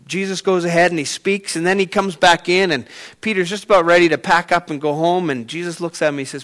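A man preaching a sermon, retelling a story with sudden swings from quiet to loud. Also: sits high, brisk. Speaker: pastor.

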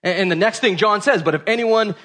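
A man's voice: high voice, fairly quick, a bit bright. A man pastor preaching a sermon, conversational in tone, often checking in with the congregation by asking "right?".

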